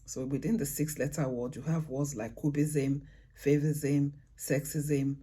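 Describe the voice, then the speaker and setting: A man with a husky, slightly breathy voice talks beginners through poetry rhymes. His tone is dark and mellow, and he is unhurried, stopping to hunt for words and spelling letters out one by one. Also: on the high side, little pitch movement. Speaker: poetry tutor. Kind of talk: casual beginner tutorial.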